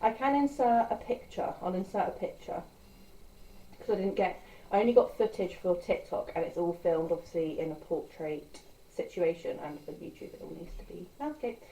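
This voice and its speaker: A woman's voice: fairly low pitch, moderate pace, mellow, poor audio. Chatty woman vlogging. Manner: chatty, rambling, with filler words. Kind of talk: casual vlog chat.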